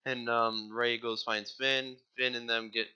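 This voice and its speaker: A man's voice: mid-range voice, little pitch movement, unhurried, pushed and bright, clear, resonant tone, muffled recording. A man giving a casual, rambling movie plot recap, full of "like" and offhand swearing. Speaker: movie reviewer.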